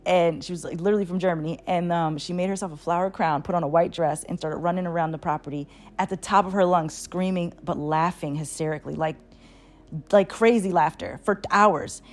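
A woman casually telling a long personal story, animated, with plenty of fillers and swearing. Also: on the low side, fairly quick. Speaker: channel host.

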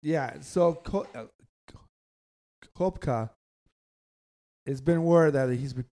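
A man's voice: medium pitch, slow, mellow. A man hosting a casual sports podcast, loose and rambling, often joking. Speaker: podcast host.

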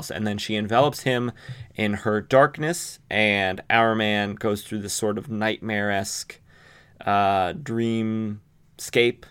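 A male podcaster recaps a comic book story in a relaxed, chatty way, peppering his speech with fillers and asides. His voice sits low and sounds smooth and resonant. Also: slow. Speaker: podcast host.

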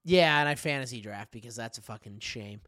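A man's voice: mid-range voice, a little fast, sharp tone, no echo, studio quality. A young man co-hosting a podcast, talking sports casually, laughing often and swearing freely. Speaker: podcast co-host.

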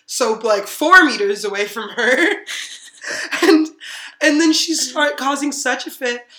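A woman's voice: high-pitched, a little slow, pushed and bright. A woman hosting a podcast, telling a story in casual chat, laughing often and acting out what people said. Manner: giggly, acts out quotes with many "like"s. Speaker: podcast host. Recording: echoey room.

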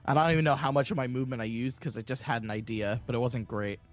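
A man playing a tabletop role-playing game, thinking aloud in a halting way and now and then shouting his character's lines. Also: mid-range voice, fairly even intonation, faint music behind. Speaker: player. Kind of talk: tabletop role-play banter.

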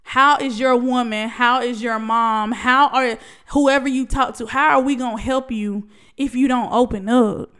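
Her voice is a little high, clean and fairly bright, with a steady tone and a slightly slow delivery. This adult vlogger, past college age, gives a heartfelt, preachy motivational talk to camera, calling viewers baby and y'all as she pushes them to open up.

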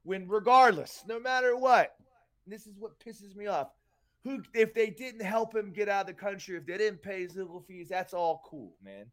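A man's voice: sits high, normal speed, fairly bright tone. A man from Tampa, Florida, co-hosting a podcast, ranting angrily with heavy swearing. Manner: angry, profane, emphatic. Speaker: podcast co-host. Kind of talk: heated podcast rant.

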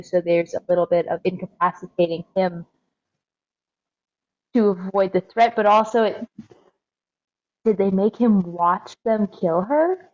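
A woman co-hosting a true-crime podcast in casual chat, animated and jokey. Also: medium pitch, lo-fi sound. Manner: animated, jokey, acts out silly voices. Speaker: podcast co-host.

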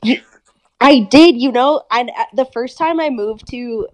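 A woman's voice: fairly high pitch, measured pace, darkish tone. A woman from Minnesota talking as a guest in a casual chat, giggly and chatty with lots of fillers.

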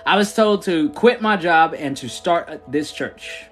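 A man's voice: on the high side, expressive, a little slow, fairly bright tone, faint music behind. A man who founded a church chats casually on a livestream, answering viewers with slangy talk and frequent laughter.

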